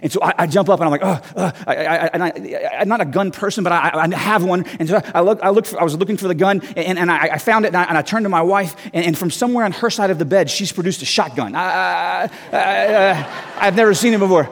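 A man in his thirties, a guest preacher, telling a story in a sermon with lively, self-mocking restarts. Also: high-pitched, quick pace. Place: church hall. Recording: long hall reverb.

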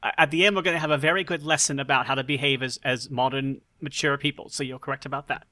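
A man's voice: mid-range voice, steady tone, quick pace, pushed and bright, no room sound. A man playing his character in a tabletop role-playing game, breezy and lightly sarcastic. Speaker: player voicing the Doctor. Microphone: remote recording.

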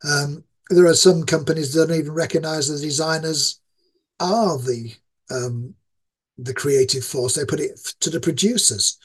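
Older man, East Yorkshire accent, husky, slightly high voice, rambling interview talk full of ums. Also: moderate pace. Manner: rambling, self-described ranting with many fillers. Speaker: guest game designer.

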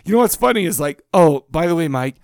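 A man's voice: on the high side, lively intonation, fast, darkish tone, dry recording, studio quality. A man co-hosting a casual horror podcast, joking and laughing, troubled by hiccups. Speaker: podcast co-host. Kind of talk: casual chat.

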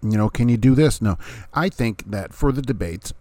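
A man's voice: mid-range voice, animated, normal speed, dark tone, dry recording. A middle-aged man talking through his opinions in a casual monologue, asking rhetorical questions, chuckling, and acting out what others say. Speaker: vlogger, former third-party candidate.

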